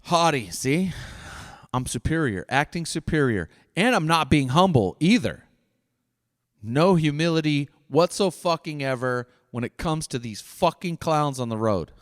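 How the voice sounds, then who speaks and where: A man's voice: a little high, expressive, measured pace. A middle-aged man hosting his own podcast, delivering a blunt, profane solo rant. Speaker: podcast host. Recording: dry voice with long reverb tail.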